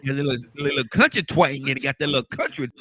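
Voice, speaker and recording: A man's voice: mid-range voice, lively intonation, quick pace, a bit bright, no echo. A man hosting a casual morning talk show, rambling and repeating his words. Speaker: host.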